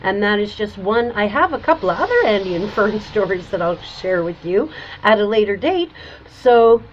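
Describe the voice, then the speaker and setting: A woman host telling a personal story in a chatty, animated way, acting out what people said. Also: mid-range voice, moderate pace, dull audio, slight background noise. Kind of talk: casual storytelling monologue.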